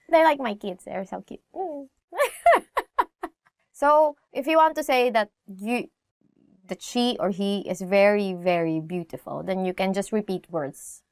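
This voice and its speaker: A young woman with a Filipino accent hosting a casual language lesson, chatty and laughing often, repeating phrases slowly. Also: mid-range voice, animated, darkish tone, no room sound, studio quality. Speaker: language teacher host.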